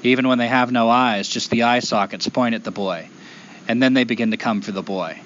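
A male storyteller tells a traditional folktale aloud, building rhythm through repeated phrases. His voice is mid-pitched and expressive. The recording is a little dull, with a faint hiss beneath. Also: fairly quick.

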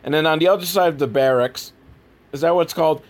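A man's voice: fairly high pitch, fast talker. A man giving casual, rambling, self-deprecating commentary on a movie he is watching. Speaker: movie review host.

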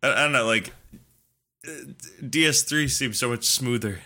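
A man's voice: mid-range voice, normal speed, sharp tone. A man chatting casually about games, dropping wry, joking remarks. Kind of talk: casual chat.

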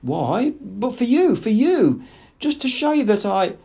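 A man's voice: very high-pitched, sing-song, creaky, dark tone, husky, voice pushed up, heavily acted. A man playing a desperate, lovestruck young man. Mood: pleading. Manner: desperate, impassioned, halting. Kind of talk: audiobook reading.

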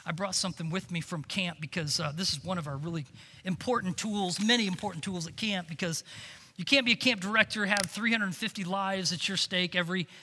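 A man preaching a sermon as a camp director, telling stories and swinging between hushed lines and loud emphatic peaks. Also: high-pitched, slight background noise. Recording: long reverb of a large hall.

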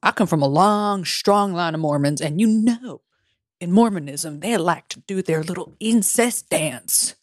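A woman's voice: lively intonation, measured pace, dry recording, studio quality. A woman voicing a dim-witted, crude Southern woman in a put-on US Southern drawl. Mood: brash. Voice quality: low drawl, swearing freely.

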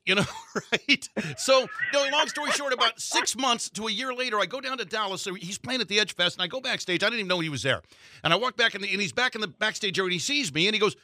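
Male podcast host: high, sharp voice, very fast, dry close mic. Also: no echo. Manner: rapid animated storytelling. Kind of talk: casual interview chat.

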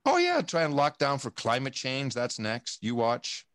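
A man's voice: medium pitch, huge pitch swings, measured pace, fairly bright tone, no room sound, studio quality. A man talking in a casual interview, rambling and emphatic, swearing often and restarting his sentences. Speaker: podcast guest. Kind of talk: casual conversation.

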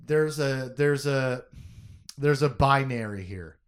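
A man co-hosting a podcast, chatting casually about a novel in an animated, jokey way, thinking out loud with many restarts. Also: medium pitch, takes it slowly. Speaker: podcast co-host. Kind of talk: casual book discussion.

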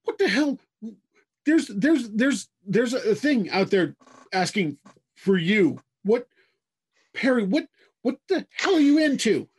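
A man's voice: sits high, big pitch swings, slow, long pauses, darkish tone, husky, exaggerated voice. A man voicing a flummoxed middle-aged housewife mother with a shotgun, stammering and repeating herself. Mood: flustered.

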